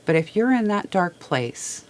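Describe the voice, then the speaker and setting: A woman host speaking to viewers from a small studio in a halting, emotional way, repeating words as she holds back tears. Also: lowish voice, very animated. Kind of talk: heartfelt personal talk to viewers.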